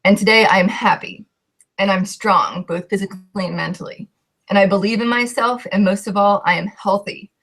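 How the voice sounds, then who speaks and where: A woman's voice: medium pitch, fairly even intonation, moderate pace, fairly bright tone. A young woman, a coach, telling her personal story with heartfelt emotion and a voice that shakes at times.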